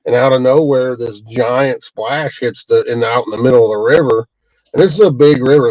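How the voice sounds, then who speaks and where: A man's voice: medium pitch, darkish tone, dry recording, muffled recording. A man telling a story in a rambling, folksy way, with many restarts and fillers, recorded close to a camera mic. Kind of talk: casual first-person storytelling.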